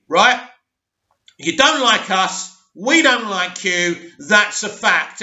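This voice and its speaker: A man hosting a fan vlog who rants indignantly, hammering home slow, repeated accusations. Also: very high-pitched, sharp tone. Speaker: vlog host. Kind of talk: angry fan commentary rant. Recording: roomy, dull lo-fi sound.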